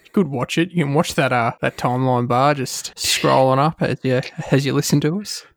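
An Australian man co-hosting a podcast, gravelly, animated and sweary. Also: mid-range voice, brisk, no echo, studio quality. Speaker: podcast co-host. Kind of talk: casual podcast chat.

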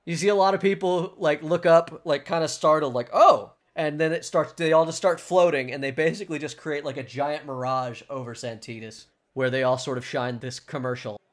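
A man narrating a tabletop game as game master in a casual, lively way. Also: fairly high pitch, brisk, few pauses.

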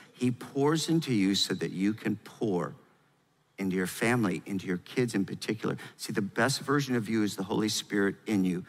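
A man preaching in an emphatic sermon style, his voice swelling into loud, fervent exhortation. The sound carries a long, echoing reverb from a large hall. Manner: emphatic, builds to loud, high-pitched exhortation.

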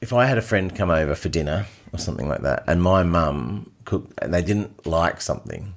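Aussie guy in his middle years, low voice, chatty storyteller, keeps chuckling. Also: brisk. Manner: animated storyteller, laughs often. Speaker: podcast co-host. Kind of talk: casual chat.

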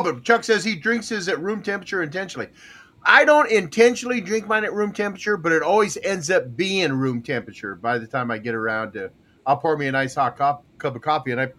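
This older podcast host speaks with a fairly high pitch and a fairly bright tone. On his casual show he chats with a live chatroom, telling rambling tales full of fillers and false starts, frequently breaking into a chuckle.

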